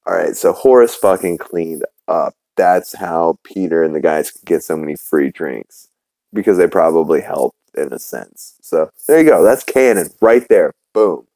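A man hosting a podcast who rambles through a cartoon recap, swears freely and trips over his own restarts. His voice sits low and sounds warm and relaxed. The recording is dry and close to the mic. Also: normal speed, no echo, rough recording. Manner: rambling, profane, full of fillers and restarts. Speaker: podcast host. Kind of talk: casual episode recap.

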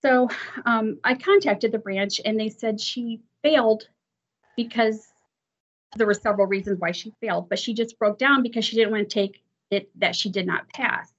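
A woman with a fairly high voice telling a long work story in a chatty, self-deprecating way, quoting what others said. She is a driving examiner. The audio is somewhat muffled. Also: normal speed. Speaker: drive examiner. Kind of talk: storytelling in an interview.

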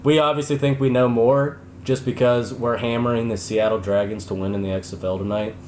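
A man's voice: medium pitch, little pitch movement, a little mellow. Joking young man co-hosting a sports podcast. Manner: joking, boastful, quick back-and-forth. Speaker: podcast co-host. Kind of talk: casual sports podcast banter. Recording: roomy, faint background hum.

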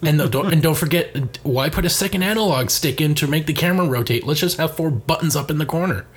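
A man's voice: a little high, fast talker. A man co-hosting a casual chat show, reading magazine letters aloud with sarcastic asides and frequent laughter. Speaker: podcast co-host.

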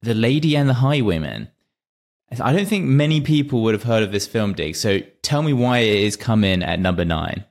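A young man co-hosts a film-ranking podcast, talking in a loose, rambling manner. His voice sits a little low. He circles around his points before landing them. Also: expressive, a little fast, few pauses. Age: young adult. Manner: chatty, many fillers and restarts. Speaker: podcast co-host. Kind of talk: casual film-ranking chat.

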